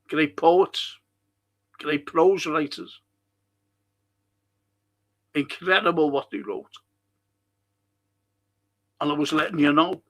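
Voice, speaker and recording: Liverpool man, middle-aged, stream host; slow, blunt, indignant ranting, a bit high-pitched. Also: a bit bright. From England. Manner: blunt, indignant, swears freely. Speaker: host of a live talk stream. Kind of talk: rambling monologue reading viewer comments.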